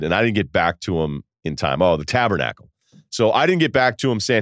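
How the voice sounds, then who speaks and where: Deep-voiced, lively male podcast host. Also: fairly quick, dry recording, clean studio sound. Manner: animated, laughing, quotes people in voices. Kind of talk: casual storytelling.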